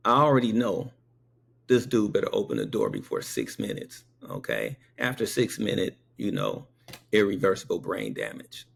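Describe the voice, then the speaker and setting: A paramedic tells a personal story in a low, husky voice with vocal fry. He's emphatic, and he keeps checking in with the listener rhetorically to drive his points home.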